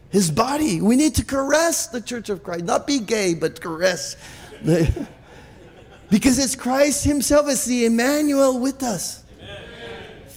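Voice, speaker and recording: A man preaches in a high, gravelly voice. He is emphatic and repetitive, stumbling over restarts. His words ring with the long reverb of a church hall. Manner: emphatic, repetitive, with many restarts and stammered repeats. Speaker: pastor. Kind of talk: sermon.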